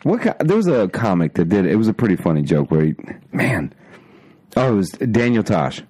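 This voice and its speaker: A man's voice: fairly low pitch, very animated, brisk, warm tone, no echo. A man hosting a podcast in casual chat, joking and teasing his guest. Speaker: podcast host.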